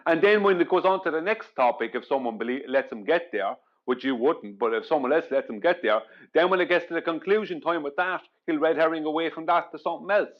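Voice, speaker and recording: A man with an Irish accent lays out his argument at length, pressing each point home. His voice sits a little high and comes through muffled, lo-fi call audio. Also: fast talker, few pauses. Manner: argumentative, long explanations. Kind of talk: casual debate chat on an online call.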